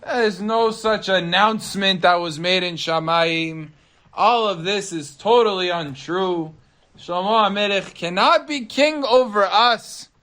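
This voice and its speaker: A haughty bird in a told story, voiced by a man well above his own pitch. It argues scornfully and mockingly, boasting of soaring far above the land. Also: a little slow, bright, forceful tone. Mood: scoffing. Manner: mocking, argumentative. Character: scornful skeptical bird, proud of flying high.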